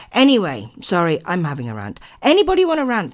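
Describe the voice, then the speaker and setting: Woman, radio host, live studio chat, rambling, apologetic asides, lowish voice, very animated pitch. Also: moderate pace.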